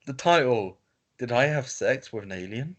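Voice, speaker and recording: Casually chatting on a video call, a man who co-hosts a podcast reads a story aloud in an expressive, medium-pitched voice. Fillers, restarts, and self-corrections break up his halting reading, and the audio is lo-fi.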